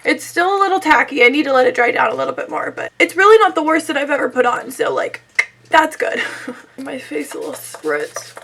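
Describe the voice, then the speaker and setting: Young female beauty vlogger, high and bright but hoarse and scratchy from illness; casual, chatty tutorial delivery. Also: expressive, quick pace. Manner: chatty, self-deprecating, frequent "like". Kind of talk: casual makeup tutorial chat.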